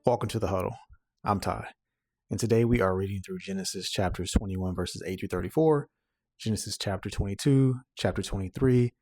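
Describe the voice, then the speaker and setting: A man hosting a daily Bible reading show, retelling the stories in a relaxed, slangy paraphrase and often checking in with the listener. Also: on the low side, brisk, faint music behind. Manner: conversational, checks in with "right?". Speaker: host. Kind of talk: casual Bible reading recap.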